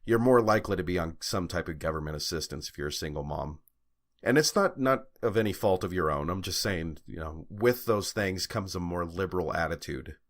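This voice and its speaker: Deep-voiced man rambling through a story. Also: animated, fairly quick. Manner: rambling storytelling with fillers and profanity. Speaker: podcast co-host. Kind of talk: casual chat.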